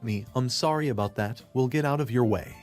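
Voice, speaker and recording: A man narrating a first-person story in a plain, steady way. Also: mid-range voice, fairly quick, soft background music.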